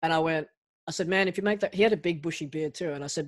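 A man being interviewed as a guest, telling stories in a lively way and often restarting his sentences. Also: sits high, quick pace, no echo. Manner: animated anecdote-telling with frequent restarts. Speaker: guest, actor and pro wrestler. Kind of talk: casual interview storytelling.

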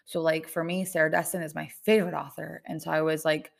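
A woman's voice: deep voice, level tone, fast talker, creaky. A young woman hosting her own podcast, talking casually and rambling with lots of "like" fillers. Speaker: podcast host. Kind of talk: casual solo podcast chat.

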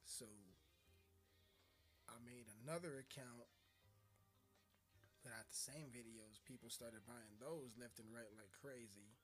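A man's voice: medium pitch, unhurried, long pauses, faint music behind. A man hosting his own podcast, rambling and joking with lots of swearing. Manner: rambling, profane, jokey. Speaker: podcast host. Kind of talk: casual solo podcast chat.

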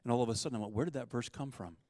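A man's voice: mid-range voice, very fast, a little mellow, no echo. A man giving a conversational sermon as a guest speaker at a church service. He tells stories and asks his listeners questions.

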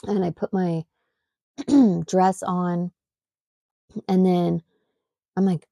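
A woman tells a story in a rambling, emphatic way, with many fillers and false starts. Her voice sits low and has a gravelly edge. The sound is dry and close, with no room echo. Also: level tone, drawn-out words, dark tone. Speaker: mother and podcast host. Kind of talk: casual storytelling.

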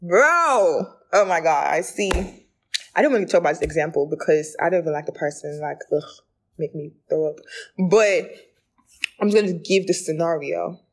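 A woman's voice: lowish voice, moderate pace. Chatty young woman podcast host. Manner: chatty storyteller, acting out quoted lines with rising excitement. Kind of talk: casual podcast chat.

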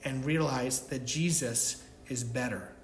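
A man's voice: medium pitch, slow pace, echoey room, a little hiss or hum. A man preaching a sermon, emphatic, stressing his points and checking in with "right?". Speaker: pastor.

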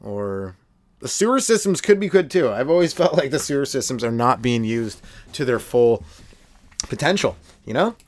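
A young man hosting a solo comedy podcast from his trailer, rambling between riffs and popping into quick silly voices. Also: medium pitch, animated, dry recording. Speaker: stand-up comedian, podcast host.

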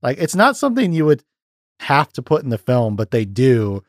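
An animated man in casual podcast chat, talking eagerly and breaking into laughter. His voice sits at an ordinary pitch and the sound is dry and close. He retells scenes with quick restarts. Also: dry recording. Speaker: podcast host.

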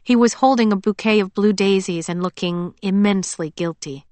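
A woman narrating an audiobook in a calm, measured storytelling manner. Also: mid-range voice, no echo. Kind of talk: scripted narration.

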